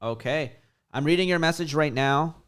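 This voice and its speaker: A man's voice: a little high, normal speed, a bit bright, smooth. Hyped man hosting a coding livestream. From Chicago. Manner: hyped, reads viewer comments aloud. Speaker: livestream host. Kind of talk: casual livestream chat.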